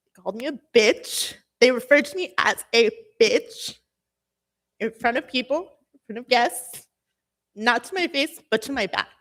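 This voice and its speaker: A young woman with a Southern Californian accent giving a nervous, emotional public comment at a city meeting, halting and full of fillers. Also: fairly high pitch, lively intonation, fairly bright tone.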